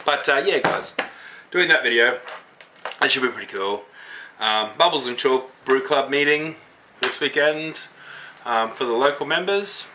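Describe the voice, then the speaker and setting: A man's voice: mid-range voice, lively intonation, measured pace, pauses often, sharp tone, a little hiss or hum. Tipsy Australian man ranting about beer. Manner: swearing, slangy, rambling. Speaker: homebrewing vlogger. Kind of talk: casual rant to camera.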